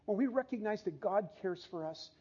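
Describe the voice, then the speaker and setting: A man in his sixties, a pastor, preaching a sermon and telling personal stories in an earnest, heartfelt way with pauses. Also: high-pitched, animated, warm tone, slightly rough, lo-fi sound.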